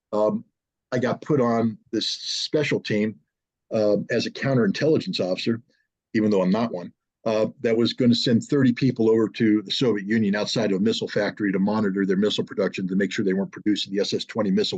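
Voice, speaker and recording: A man in his sixties, an interview guest, telling animated stories with frequent restarts and acting out what others said. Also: medium pitch, breathy edge. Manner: animated storyteller who acts out others' lines, with frequent restarts. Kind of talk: casual anecdotal storytelling. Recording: dull lo-fi audio.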